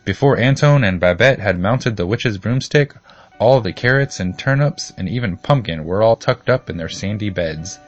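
Low voiced guy reading a kids story, steady, bit of music behind. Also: moderate pace, muffled recording. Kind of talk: scripted storybook narration.

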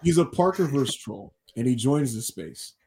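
A man co-hosting a wrestling podcast in casual chat, telling stories animatedly and doing quick voices for the people he quotes. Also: medium pitch, expressive, a little mellow. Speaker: podcast co-host.

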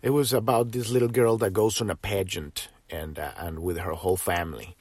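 A man's voice: sits low, steady tone, brisk, husky, dry recording. A man hosting a casual spiritual podcast, rambling with many restarts, tagging sentences with "right?" and swearing freely. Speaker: podcast host.

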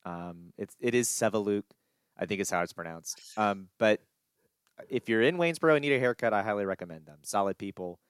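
Low-voiced man chatting sports. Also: animated, a little fast, clean tone, no room sound. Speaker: podcast co-host. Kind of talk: casual sports chat.

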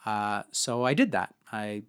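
An expressive, unhurried man with a smooth, slightly bright voice shares a personal story on the podcast he co-hosts. He rambles chattily with many fillers and voices the quotes higher than his own.

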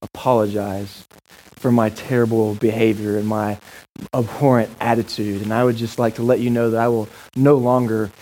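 A man's voice: on the low side, flat delivery, normal speed, mellow, pitched below the performer's own voice, lightly acted, poor audio. A man doing a stiffly polite reformed parrot. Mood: politely contrite. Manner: stiffly formal, apologetic. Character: reformed male parrot, suddenly formal and polite.

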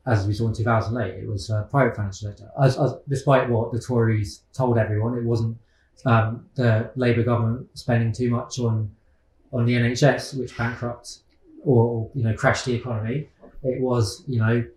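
A man speaks in a loose interview, circling his points with plenty of ums, you-knows and restarts. His voice has a middling pitch and rings a little in a roomy, echoey space. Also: little pitch movement, moderate pace, darkish tone, slight background noise. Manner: hesitant, many fillers and restarts. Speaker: guest economist. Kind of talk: casual interview.

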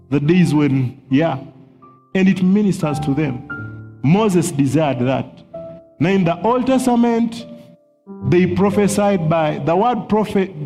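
A fairly high-pitched man with a warm, mellow voice, giving a sermon-style teaching. He sounds earnest, chuckles often and repeats words while he gathers his thoughts. His voice rings in a long hall reverb over faint music. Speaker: preacher teaching on prophecy.

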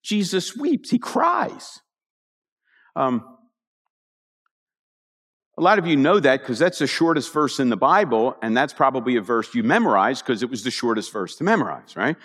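A man preaching a conversational sermon, telling the story with animated asides to his congregation. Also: mid-range voice, normal speed, long pauses. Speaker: pastor. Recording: long hall reverb.

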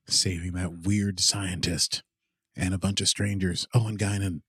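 A man co-hosting a movie watchalong podcast, chatting and joking at the screen. His voice sits very low with a husky grain and swings widely in pitch. The sound is dry and close. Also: little pitch movement, a bit bright, no echo. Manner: jokey, chatty, quick to laugh at the screen. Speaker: podcast co-host. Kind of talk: casual movie watchalong commentary.

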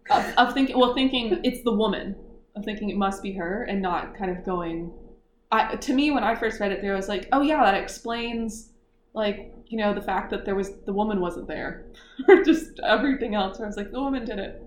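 A woman hosting a casual book club chat, retelling a mystery plot in animated detail and laughing often. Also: medium pitch, brisk. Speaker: book club podcast host. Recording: echoey room, faint noise.

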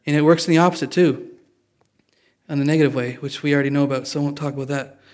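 A man's voice: fairly high pitch, steady tone, fast, a little mellow. Male pastor preaching in a conversational way. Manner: conversational, self-correcting, joking. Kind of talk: sermon.

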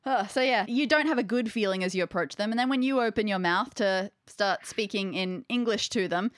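A woman's voice: medium pitch, brisk, dry recording, clean studio sound. A woman narrating a tabletop game as game master, describing scenes in a playful way.

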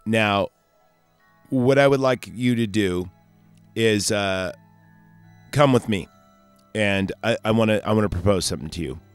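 A man's voice: on the low side, a little slow, long pauses, smooth, soft background music, close to an everyday voice. A man voicing an eager, awkward male scientist inventor who rambles, stammers and pleads. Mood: pitching.

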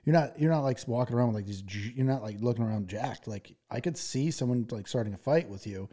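A man's voice: medium pitch, quick pace, warm tone. A man hosting a podcast in casual chat, rambling with many fillers and laughing often. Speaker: podcast host.

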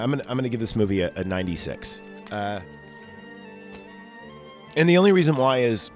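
A man hosting a podcast, talking casually and profanely about a movie, rambling and interrupting himself. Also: mid-range voice. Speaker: podcast host.

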